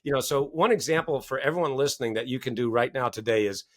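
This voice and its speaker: A middle-aged man, a podcast guest and author, talking in an excitable, storytelling way and acting out scenes with big jumps in his voice. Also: medium pitch, quick pace. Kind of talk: animated conversational storytelling.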